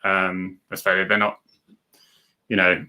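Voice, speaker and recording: A man's voice: sits low, monotone, unhurried, pushed and bright. A middle-aged man, a former police officer, hosts a casual live stream, chatting and joking as he reads out viewer comments.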